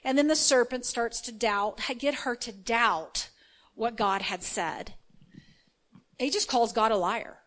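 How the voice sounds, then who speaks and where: Woman preaching kinda casual, lots of ums, voice sits a bit high, keeps asking if u hear her. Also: slow, a bit bright, low-quality recording. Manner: conversational, many fillers, checks in with listeners. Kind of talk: informal sermon with scripture reading.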